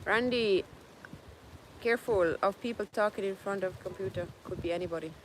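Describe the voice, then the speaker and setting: Chatting with her viewers on a relaxed livestream from her Jamaican home, this host reads their comments, laughs often and drifts into French. Her pitch is medium and her pace moderate, with slight hiss or hum present.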